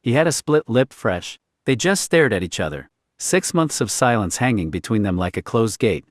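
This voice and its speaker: A man reading a story aloud in a quiet, clipped, understated way. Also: lowish voice, very animated, normal speed, dry recording, clean studio sound. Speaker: narrator. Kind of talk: scripted story narration.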